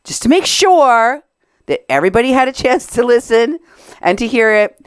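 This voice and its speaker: Speaking at a moderate pace, this Mexican American podcast host responds to recorded clips with sarcastic indignation. Her slightly high voice is expressive and clean, and the recording is dry.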